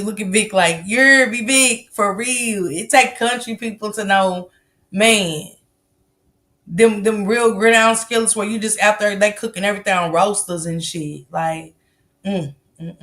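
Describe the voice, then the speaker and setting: A woman hosts a live stream, chatting loosely with her viewers. She talks in a relaxed, easygoing way, swears freely and laughs often. Her voice sits at a middle pitch. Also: a little slow. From American South. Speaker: livestream host. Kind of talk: casual live-stream chat reading comments.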